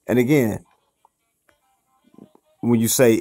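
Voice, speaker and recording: A man's voice: lowish voice, measured pace, vocal fry, darkish tone, faint music behind. A man leading an informal Bible study, explaining word by word, often restarting phrases and checking in with "okay" and "you see what I'm saying". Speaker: Bible teacher.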